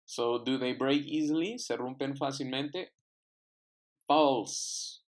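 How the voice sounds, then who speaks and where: A man's voice: mid-range voice, slow. A man teaching an English class, patiently repeating words and phrases for his students to echo. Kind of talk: online classroom lesson.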